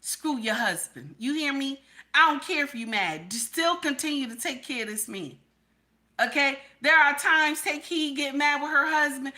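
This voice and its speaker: Blunt, bright-voiced woman streamer. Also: high voice, lively intonation, normal speed. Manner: blunt, repetitive, checks in with "okay?". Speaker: livestream host. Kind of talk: candid livestream talk to chat.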